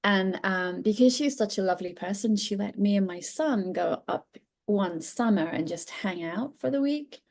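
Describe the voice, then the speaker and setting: A woman's voice: mid-range voice, normal speed, gravelly, darkish tone. A woman author with a British accent, a guest on a podcast, talking in a bubbly way and laughing easily. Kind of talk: casual interview.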